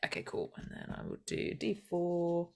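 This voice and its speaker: A woman playing a tabletop game, chatty and excited, thinking aloud as she rolls. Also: fairly low pitch, moderate pace, creaky. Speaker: player. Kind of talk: casual tabletop play.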